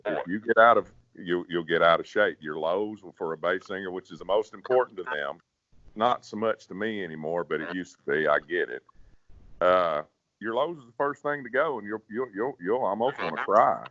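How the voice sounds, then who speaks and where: A man who sings bass, talking folksy and casual in an interview, often repeating words. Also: moderate pace, a bit bright, dry recording. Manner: folksy, repeats words, drops to a growl to demonstrate. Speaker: professional bass singer, guest. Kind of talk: casual interview, giving singing advice. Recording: dull, dry sound.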